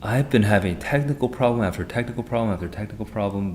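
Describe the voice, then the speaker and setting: A man streaming live as an SAT tutor, thinking aloud in an excitable, rambling way as he walks through test questions at his computer. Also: lowish voice, fast, slight background noise.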